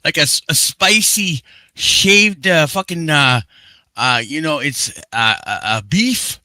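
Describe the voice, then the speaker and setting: A man leans hard into a Canadian accent, with "bud" and swearing in nearly every sentence. His voice is bright and sharp and a little raised in pitch. The sound is dry and close. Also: lively intonation, takes it slowly, no echo. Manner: exaggerated Canadian slang, heavy swearing. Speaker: guest on a live stream. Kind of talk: casual chat.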